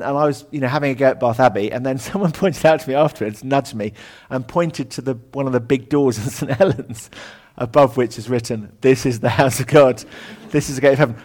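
In a lecture room, a man delivers a sermon in a conversational style, scattering ums and side remarks and frequently letting his voice sink low.

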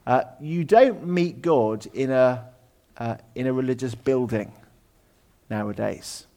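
A man delivering a sermon in an easygoing, conversational way, with fillers and asides. His pitch sits in a middle range, and he often drops his voice to a hush. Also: slow pace. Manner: conversational, with many ums and asides, dropping to a hush at times. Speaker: preacher. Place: lecture room.

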